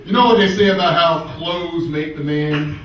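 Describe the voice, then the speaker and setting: A man doing a stand-up comedy set on a club stage, animated and playful, with audience laughter around him. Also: fairly high pitch, moderate pace, a little hiss or hum. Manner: animated, playful delivery with quoted voices. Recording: roomy club sound from a distant mic.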